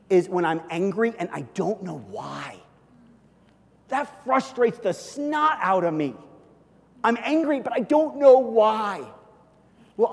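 A middle-aged man preaching a sermon, telling stories and joking with the congregation. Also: high-pitched. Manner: storytelling, animated, jokes with the congregation. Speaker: pastor. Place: church hall. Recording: long hall reverb, faint room noise.

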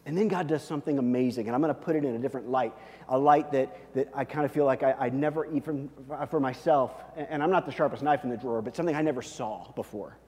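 A man preaching a sermon as a pastor, telling the story animatedly and swinging between loud and hushed. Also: medium pitch, quick pace, big-room sound.

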